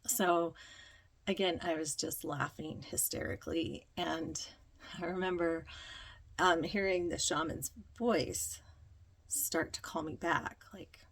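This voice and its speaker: A woman telling a reflective personal story, slow and dreamy, with many ums. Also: deep voice, steady tone. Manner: slow, dreamy, breathy with frequent ums and laughter. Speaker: spiritual vlogger.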